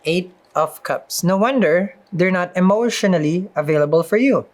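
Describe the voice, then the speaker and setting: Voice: medium pitch, moderate pace, a little hiss or hum. A tarot reader and spiritual advisor giving a casual reading and advice, chatty, with frequent "mm-hmm" asides and dry sarcasm.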